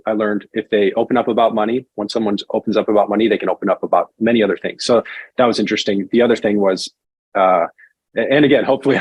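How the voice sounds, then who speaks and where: A man, a financial advisor guest on a podcast, telling his career story in a relaxed conversational way. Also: fairly low pitch, husky, no echo. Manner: animated storyteller, acts out quoted voices.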